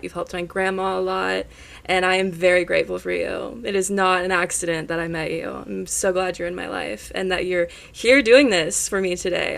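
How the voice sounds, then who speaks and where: Young woman, podcast host, effusive and grateful, gravelly vocal fry. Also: mid-range voice. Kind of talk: casual interview chat.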